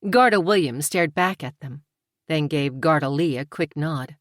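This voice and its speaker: Low-voiced woman narrating an audiobook. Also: no echo, studio quality. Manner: measured, even storytelling.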